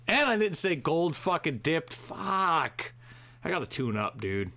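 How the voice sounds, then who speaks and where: A man hosting a live show, ranting profanely and swinging between shouting and muttering to himself. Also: on the high side, big pitch swings, a little slow, creaky. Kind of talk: profane comedic rant.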